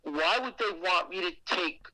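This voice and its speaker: Guy telling a spooky story on a podcast, swears a ton, pretty high and super bright voice. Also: unhurried, no room sound, poor audio. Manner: animated and heavily profane, with acted asides. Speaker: guest telling a ghost story.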